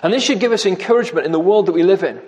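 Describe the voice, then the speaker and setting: A man's voice: high voice, expressive, very fast, darkish tone. A man preaching a sermon, grave and emphatic, repeating key words for weight.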